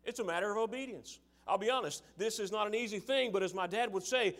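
A man preaching a sermon, moving from casual, filler-laden asides to forceful, emphatic calls to his listeners. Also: sits high, fast talker, hardly any pauses. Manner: acts out his father's sarcastic voice.

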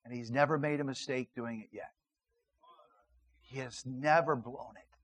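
A middle-aged man, a pastor, preaching a sermon and telling a personal story, moving between loud emphatic lines and hushed, earnest narration. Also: medium pitch, fairly even intonation, a little slow, pauses often, breathy edge, poor audio.

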